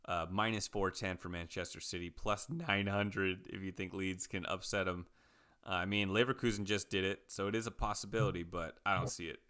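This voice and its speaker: A man co-hosting a podcast, chatting casually about soccer picks and betting odds, relaxed and rambling with fillers. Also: low-pitched, fairly quick, clean tone. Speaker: podcast co-host. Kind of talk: casual sports betting chat.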